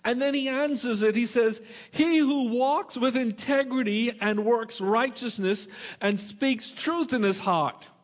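A man's voice: very high voice, measured pace. A middle-aged man preaching a sermon in a church, stretching out his questions for emphasis and slipping in joking asides to the congregation. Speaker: pastor.

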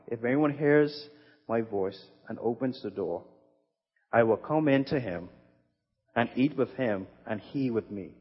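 Husky-voiced man preaching in an echoey hall. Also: mid-range voice, lively intonation, a little slow. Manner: earnest, emphatic scripture reading with conversational asides. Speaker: pastor. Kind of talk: sermon. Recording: echoey hall, muffled sound.

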